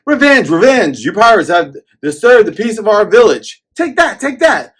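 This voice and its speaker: A man reading out a gang of excited young boys who play at being a pirate crew, shouting brashly. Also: sits high, moderate pace, slightly rough, pitched above the performer's own voice, heavily acted. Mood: eager battle cry.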